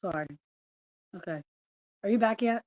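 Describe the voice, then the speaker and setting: A woman's voice: mid-range voice, moderate pace, no echo, muffled recording. A woman co-hosting a casual livestream, joking, laughing and swearing casually.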